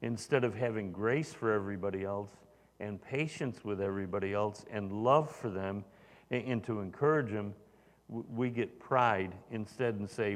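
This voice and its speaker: A man's voice: mid-range voice, normal speed. A man preaching a sermon as pastor, talking in a conversational way with frequent fillers and restarts. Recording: long reverb of a large hall.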